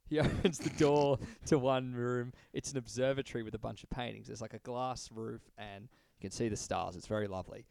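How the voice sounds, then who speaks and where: A man's voice: medium pitch, brisk, few pauses, dry recording. A man, co-hosting a podcast and retelling a story in casual, swearing chat. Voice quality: gravelly, animated, swears freely. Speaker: podcast co-host.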